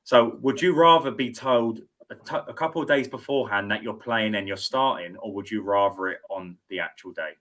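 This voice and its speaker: Low-voiced man, rambling host. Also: brisk, fairly bright tone. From United Kingdom. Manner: rambling, repeats words as he thinks aloud. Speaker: sports show host. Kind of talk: casual studio interview chat.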